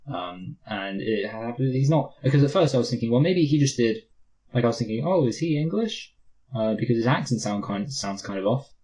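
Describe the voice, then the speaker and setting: A man's voice: medium pitch, a little fast, mellow, rough recording. A man with a Mancunian accent, co-hosting a casual movie review chat, rambling and self-mocking. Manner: rambling, self-mocking, slips into silly put-on voices. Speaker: podcast co-host.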